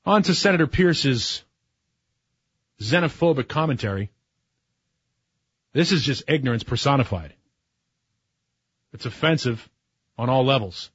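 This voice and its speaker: A man's voice: mid-range voice, animated, unhurried, long pauses, a bit bright, breathy edge, dry recording, dull audio. A man in his forties, a talk radio host, speaking in a sarcastic, opinionated monologue that builds to heated emphasis. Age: 40s. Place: radio studio.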